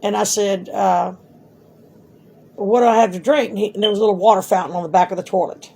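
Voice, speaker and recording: A woman's voice: mid-range voice, steady tone, fast, warm tone, husky. Blunt, swearing mother. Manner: blunt, swears freely, tells stories animatedly. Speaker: mother talking to her son. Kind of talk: casual storytelling.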